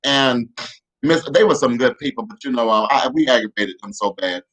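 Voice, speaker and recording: A man's voice: medium pitch, animated, moderate pace, a bit bright. A man telling comic childhood stories in a rambling, profane way with many restarts. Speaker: comedian. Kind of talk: comedic storytelling.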